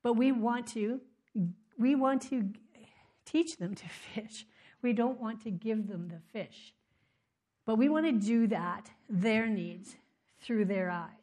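A woman tells personal stories from the front of a room, animated and full of little restarts and fillers. Her voice is warm and mellow, caught dry and close on a microphone. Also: medium pitch, dry recording. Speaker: speaker at a community ministry event. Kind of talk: personal storytelling talk.

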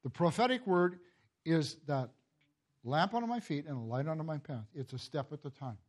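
Halting older man preaching, high voice. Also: animated. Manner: halting, repeats words, laughs at his own stories. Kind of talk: sermon.

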